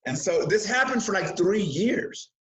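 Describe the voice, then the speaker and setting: A man's voice: high voice, a little slow, rough recording. A man speaking as an interview guest on mindfulness, telling stories with chuckles and often restarting his sentences. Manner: lively storytelling with chuckles; restarts and repeats words often. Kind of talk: casual interview talk.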